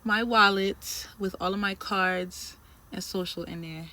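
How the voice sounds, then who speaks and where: A woman telling a story in a casual vlog, animated and emphatic, with lots of slang. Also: mid-range voice, measured pace, slight background noise. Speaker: trucking trainee telling a story.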